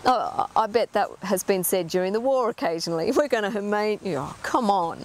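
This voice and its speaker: A woman's voice: mid-range voice, brisk, a little hiss or hum. A middle-aged woman giving an earnest talk as an animal communicator, emphatic and full of rhetorical questions.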